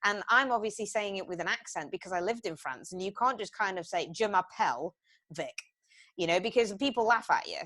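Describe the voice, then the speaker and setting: A woman talks freely on a casual podcast. She tells stories with lots of life, acting out the people in them and swearing as she goes. Her voice sits at a middle pitch. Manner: animated storyteller, acts out voices, swears freely.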